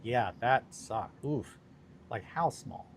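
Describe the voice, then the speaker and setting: A young man casually chats with livestream viewers while working on a hobby project, joking around in a laid-back way and reading chat aloud. His medium-pitched voice is animated yet slow and creaky, with a little hiss or hum.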